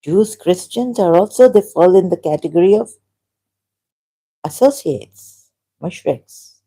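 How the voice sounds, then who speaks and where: Solo vlogger: mellow, dark tone, halting and argumentative, reads passages aloud between asides. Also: medium pitch, lively intonation, husky. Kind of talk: rambling solo monologue.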